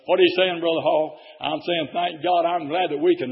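A man preaching a sermon, telling folksy stories and building to shouted exhortation. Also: fairly high pitch, fairly even intonation, normal speed, creaky, hardly any pauses. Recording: dull lo-fi sound in a reverberant hall.

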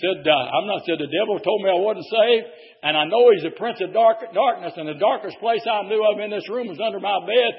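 A man preaching a sermon, telling folksy stories and building to shouted exhortation. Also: high voice, a little fast. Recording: dull lo-fi sound in a reverberant hall.

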